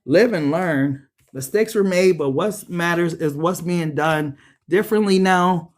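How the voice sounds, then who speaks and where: A woman giving a casual tarot reading, talking straight to viewers in a blunt, profane way that jumps into high, excited bursts. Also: measured pace. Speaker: tarot reader.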